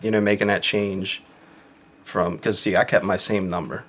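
A man's voice: deep voice, steady tone, normal speed, a bit bright, slightly rough. A man talking casually and candidly, rambling with lots of fillers and occasional swearing. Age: adult with kids. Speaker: podcast guest in recovery. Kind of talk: casual chat.

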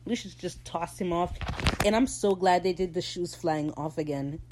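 A woman hosting a podcast, recapping a TV episode in casual, opinionated talk and slipping into quick character voices. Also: fairly low pitch, noisy background. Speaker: podcast host.

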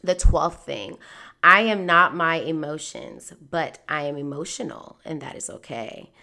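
A woman's voice: sits low, very animated, measured pace, gravelly, pushed and bright. A woman in her thirties hosting a podcast, talking candidly and earnestly about faith and lessons learned, full of "like" and "um". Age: 30s. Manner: candid and conversational, many fillers like "like" and "um"; earnest, faith-centered encouragement. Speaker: podcast host. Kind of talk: reflective personal podcast monologue.

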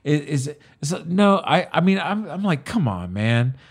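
A man's voice: fairly high pitch, very animated, normal speed, slightly rough. A man co-hosting a casual podcast, giving his opinions in a rambling way, often repeating himself. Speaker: podcast co-host.

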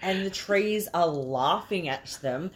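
A woman's voice: fairly low pitch, animated, slow. A woman co-hosting a casual movie podcast, swearing freely and laughing often. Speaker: podcast co-host. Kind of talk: casual movie review chat.

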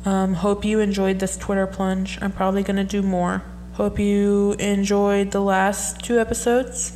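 A young woman hosting a casual solo podcast, reacting to tweets in a chatty, rambling way with quick asides. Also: mid-range voice, flat delivery, darkish tone, a little hiss or hum. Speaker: podcast host.

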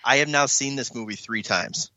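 A man co-hosting a casual podcast, talking in a halting way with many restarts. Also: mid-range voice, sharp tone, dull audio, slight background noise. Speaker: podcast co-host. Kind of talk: casual chat.

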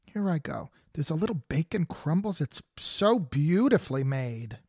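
A woman's voice: sits low, big pitch swings, normal speed, darkish tone, husky, dry recording, clean studio sound. A woman hosting a podcast, chatting playfully and exclaiming as she tastes food. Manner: playful, exclaims while tasting. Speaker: podcast host. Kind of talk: casual chat, tasting food on a podcast. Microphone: podcast mic, guest on video call.

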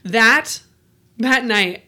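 Bright-voiced animated woman co-host. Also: a little high, very slow. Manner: animated storyteller, swears casually, laughs often. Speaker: podcast co-host. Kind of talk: casual chat.

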